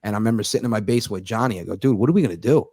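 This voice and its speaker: A man in his thirties, a comedian telling stories in a fast, profane, sarcastic casual chat. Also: lowish voice, dark tone, slightly rough, no echo, studio quality. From United States. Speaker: comedian guest.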